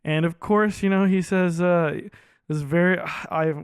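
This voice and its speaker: A man co-hosting a movie podcast, talking casually and excitedly, peppering his speech with "like" and the odd swear. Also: high voice, measured pace, clean tone, no room sound, clean studio sound. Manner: animated, heavy use of "like", swears casually. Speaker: podcast co-host.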